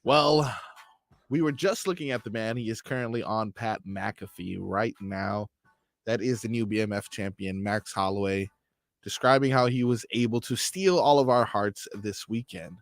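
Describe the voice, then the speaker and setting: A man's voice: lowish voice, moderate pace, dry recording, clean studio sound. A man on a sports radio show, setting up clips with laid-back, jokey asides.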